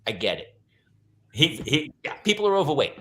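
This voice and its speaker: A man's voice: fairly high pitch, very animated, normal speed, pushed and bright. A man hosting a podcast in casual chat, talking emphatically and repeating lines for effect. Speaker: podcast host.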